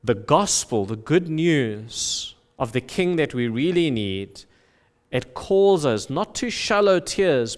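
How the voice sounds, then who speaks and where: A man's voice: fairly high pitch, clean tone. A man preaching a sermon as pastor, earnest, with emphatic rises and drops. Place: church sanctuary. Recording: long reverb of a church hall.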